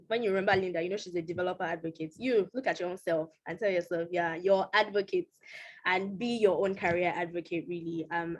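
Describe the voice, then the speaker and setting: A woman hosting an online panel, speaking in an encouraging, upbeat way. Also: fairly low pitch. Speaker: panel host. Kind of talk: casual panel moderation.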